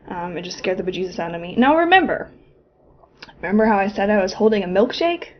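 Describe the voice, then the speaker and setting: A woman's voice: medium pitch, dull audio. A young woman from Florida telling a personal story in a casual, chatty way, swearing often and laughing as she goes. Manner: chatty, profane, laughing asides. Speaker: vlogger.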